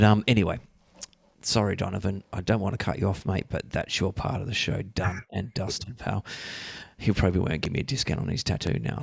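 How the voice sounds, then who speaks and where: A man hosting a casual podcast chat, leading the show with chatty talk and drawn-out ums. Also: on the low side, vocal fry, a little mellow, slightly rough, no room sound, clean studio sound. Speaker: podcast host.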